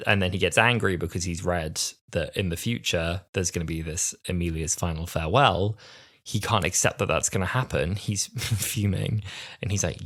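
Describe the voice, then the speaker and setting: A man's voice: deep voice, moderate pace, pushed and bright. A young man in his twenties co-hosting a podcast, talking in a rambling, casual way full of fillers and acted-out quotes. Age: 20s. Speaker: podcast co-host. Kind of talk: casual chat.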